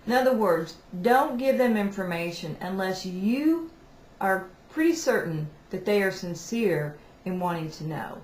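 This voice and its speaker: A woman's voice: mid-range voice, lively intonation, measured pace. A woman hosting weekly spiritual messages, giving advice in a casual, conversational way and often restarting her sentences. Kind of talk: casual teaching talk to camera. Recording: echoey room, faint background noise.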